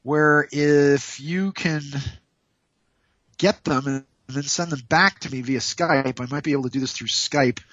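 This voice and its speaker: A man's voice: fairly high pitch, unhurried, a bit bright, no echo, highs cut off. A man hosting a radio show over a call, joking and rambling with lots of restarts. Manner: playful, jokey, rambling with restarts. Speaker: radio host. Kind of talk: casual radio talk. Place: hotel room. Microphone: Skype call.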